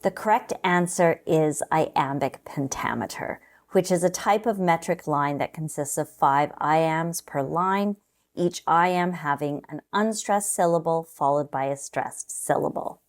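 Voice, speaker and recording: A woman walks through practice questions in a calm, scripted lesson voice. She speaks slowly and deliberately, with a fairly low pitch, explaining each step with care. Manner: slow, measured, explanatory. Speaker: test prep teacher.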